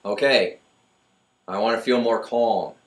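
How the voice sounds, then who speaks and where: A middle-aged man giving a lively motivational talk as host, often acting out voices in his stories. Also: on the low side, measured pace. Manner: energetic, acts out voices in stories. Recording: echoey room, mic far off.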